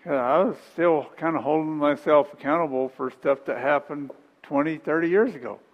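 A man's voice: a little high, moderate pace, long reverb tail, narrow, tinny audio. A middle-aged man preaching a sermon in a folksy, conversational way, repeating phrases and chuckling between points.

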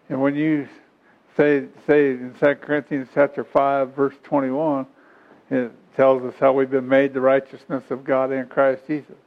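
Man preaching on a lo-fi recording. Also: mid-range voice. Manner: reads scripture then explains it in homey, chuckling asides. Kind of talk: sermon. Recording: dull lo-fi recording.

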